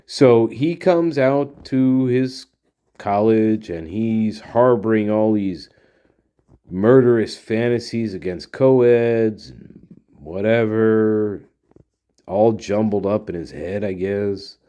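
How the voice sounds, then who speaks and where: A man's voice: lowish voice, slow, mellow, smooth. A man hosting a solo commentary show, rambling in a profane, sarcastic rant. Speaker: podcast host.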